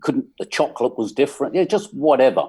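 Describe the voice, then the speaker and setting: This English musician, around sixty, has an animated mid-range voice, warm with a breathy edge. He's an unhurried guest in a casual interview, spinning wry anecdotes full of ums.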